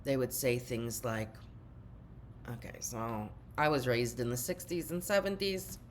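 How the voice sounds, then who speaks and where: An older woman with a very deep voice speaks directly to her viewers in an earnest spiritual vlog talk. A faint hiss sits behind her. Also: a little slow. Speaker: spiritual teacher.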